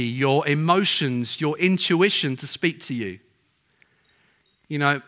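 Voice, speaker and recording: A man's voice: on the high side, sharp tone. A middle-aged man preaching a sermon, telling stories and acting out the people in them. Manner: storytelling, acts out quoted voices.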